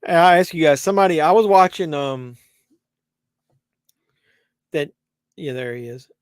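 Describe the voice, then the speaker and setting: Man, live watch-along host, rambling casual talk, somewhat high-pitched, dry room. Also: unhurried, clean tone, no room sound. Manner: rambling, conversational, many fillers and restarts.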